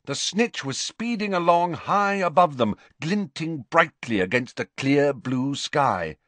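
A male audiobook narrator tells the story with dramatic energy. His pitch swings widely from line to line. The recording is dry and close, with no room sound. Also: a little slow, dry recording. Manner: animated, dramatic reading. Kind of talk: scripted narration.

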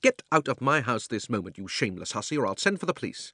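A man's voice: medium pitch, very animated, fast, bright, forceful tone, no echo, studio quality, full character voice. A man voicing a stern, tough old aunt who speaks in icy, disapproving tones in an audiobook reading.

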